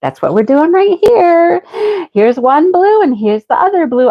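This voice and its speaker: A woman's voice: sits high, sing-song, a little slow, lo-fi sound. A woman hosting a live craft stream, chatting casually and greeting viewers by name while she works. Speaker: craft livestream host.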